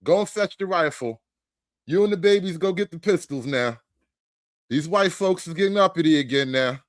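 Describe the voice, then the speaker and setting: A man's voice: on the high side, animated, moderate pace, dry recording, studio quality, close to an everyday voice. A man doing a rural gun-calling man. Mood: mocking. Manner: mocking, drawling, laughing between calls.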